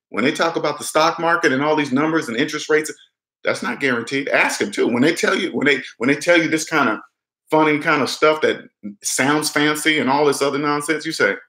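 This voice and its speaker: A man's voice: mid-range voice, pushed and bright. A man giving casual finance advice on his channel in an emphatic, repetitive way. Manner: emphatic, repetitive, acts out little dialogues. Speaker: personal finance vlogger. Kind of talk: casual direct-to-camera advice. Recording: echoey room.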